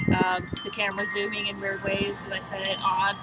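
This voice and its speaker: A woman's voice: medium pitch, fairly even intonation, measured pace, background noise. A young woman vlogging in casual chat on an outdoor balcony, rambling and self-mocking with lots of fillers.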